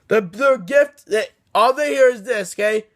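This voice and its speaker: A man with a notably high-pitched voice talks through a story recap in loose, casual fashion. He restarts his sentences often and keeps tagging them with a questioning "okay?" to check in with the listener. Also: measured pace. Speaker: book reviewer.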